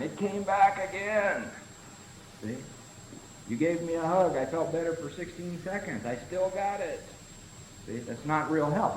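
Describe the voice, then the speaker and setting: A man's voice: fairly high pitch, darkish tone. A man leading a recovery-group study session, talking in short punchy phrases and often tagging them with "see?". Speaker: Big Book study leader. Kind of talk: recovery group teaching talk. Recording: echoey room with faint hiss.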